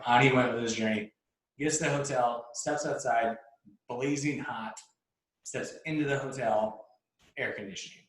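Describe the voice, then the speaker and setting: Man casually telling a story, rambling with restarts, laughs often, roomy echo, mid pitch. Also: a bit bright. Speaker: podcast host telling a story. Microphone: laptop mic. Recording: echoey room.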